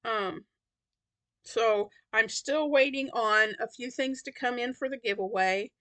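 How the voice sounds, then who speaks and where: A tired woman chats about her crochet projects, wandering from thought to thought with plenty of ums. Her voice sits a little high and sounds bright and clear. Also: a little slow. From Tennessee. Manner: rambling, many fillers and restarts. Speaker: crochet vlogger. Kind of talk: casual chat.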